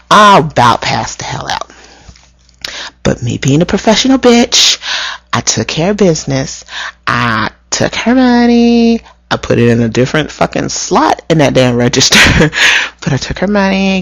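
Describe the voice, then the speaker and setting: A hoarse woman, telling a story about work in a casual, profane, exasperated rant. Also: low voice, no room sound. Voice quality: scratchy. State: hoarse from spicy food. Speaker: vlogger. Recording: dull lo-fi webcam sound.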